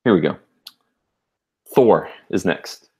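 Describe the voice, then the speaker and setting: A man's voice: low voice, lively intonation, slow, a little mellow, breathy edge. A young adult man co-hosting a podcast, chatting casually and rambling with lots of fillers and restarts. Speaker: podcast co-host. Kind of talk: casual chat.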